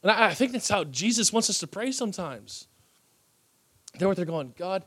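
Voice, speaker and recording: Animated preaching pastor, a man. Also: high-pitched, a little fast, slightly rough. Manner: animated preaching, acting out quoted voices. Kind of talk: sermon.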